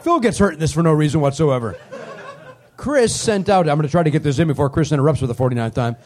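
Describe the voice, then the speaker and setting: Comedy host, man, high bright voice with big swings, sarcastic crowd-work patter on a club stage. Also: animated. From Canada. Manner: teasing, sarcastic, quick to riff.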